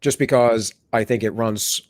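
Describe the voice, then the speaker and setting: A man hosts a casual livestream and talks loosely, stumbling and correcting himself as he goes. His voice is mid-pitched, and it sounds dry and close with no room echo. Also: fairly even intonation, a little slow, a little mellow. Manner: loose, rambling, self-correcting talk. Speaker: stream host.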